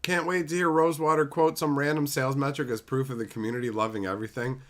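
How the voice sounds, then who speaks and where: A male livestream host rants casually, swearing freely and mocking what he talks about. His voice has a bright, forward edge that sits in a middle pitch. He keeps the tone loose and animated. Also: fast. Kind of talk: casual ranting chat.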